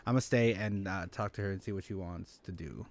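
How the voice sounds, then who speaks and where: A man's voice: deep voice, fast talker. Joking man streaming a game. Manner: joking, sarcastic asides. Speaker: gameplay streamer. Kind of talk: casual let's-play commentary.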